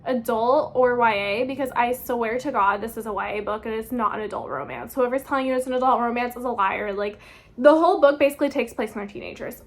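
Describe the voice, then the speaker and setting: A woman's voice: a little high, fast. A woman in her twenties, a book vlogger, ranting in a casual, exasperated review and swearing freely.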